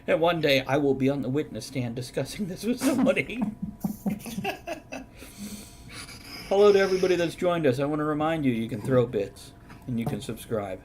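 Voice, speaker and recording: A man's voice: on the high side, sing-song, normal speed, pauses often, darkish tone, a little hiss or hum. A man hosting a live-streamed chat show, telling stories with dry sarcasm. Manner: sarcastic, mock-documentary storytelling. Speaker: host.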